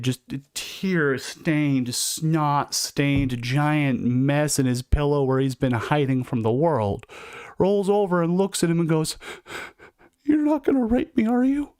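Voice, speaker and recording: A man tells stories to his livestream viewers in a relaxed, conversational way. His voice sits at an average pitch for a man. The sound is dry and close, with no room echo. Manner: conversational and reflective. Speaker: livestream host recounting incarceration. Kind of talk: casual storytelling monologue.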